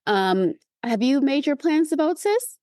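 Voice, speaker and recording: Lively woman chatting on a podcast. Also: a little slow, no echo, studio quality. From California. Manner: animated, playful, breaks into high mimicking voices. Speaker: podcast co-host. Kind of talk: casual chat.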